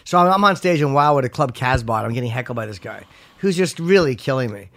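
A man's voice: mid-range voice, animated, fairly bright tone, no room sound. A man who does stand-up, chatting crudely and joking on a podcast. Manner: crude, joking, quick storyteller. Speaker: stand-up comedian guest. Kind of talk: casual podcast banter.

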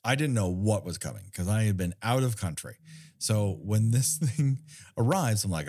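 A man talking through a horror movie in a loose, joking podcast chat, laughing and cursing casually. His voice sits low but swoops up and down with lively intonation. The sound is dry and close, with no room echo. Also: moderate pace. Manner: wry, joking, swears casually, laughs often. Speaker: podcast co-host.

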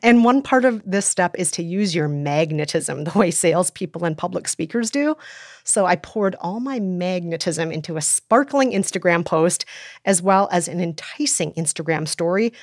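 A woman co-hosting a podcast in casual chat, animated and self-deprecating. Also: lowish voice, moderate pace, no room sound, clean studio sound. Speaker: podcast co-host.

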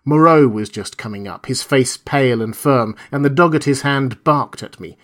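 A man reading a classic novel aloud in the first person, in a measured, steady storytelling manner. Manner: measured, steady storytelling that voices quoted lines with a raised pitch. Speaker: audiobook narrator.

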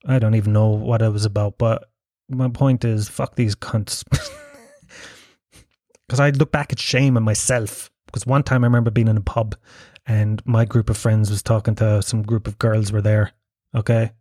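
A man's voice: on the low side, steady tone, normal speed, darkish tone, no echo, studio quality. A man hosting his podcast, delivering a rambling, profane monologue and laughing at his own jokes. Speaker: podcast host. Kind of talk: casual ranting monologue.

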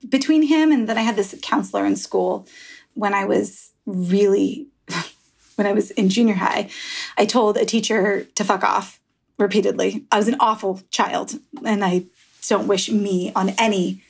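A woman's voice: mid-range voice, a little slow, vocal fry, breathy edge. A woman author in a candid podcast interview, talking frankly and rambling through stories with easy laughs and the odd swear. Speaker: author guest.

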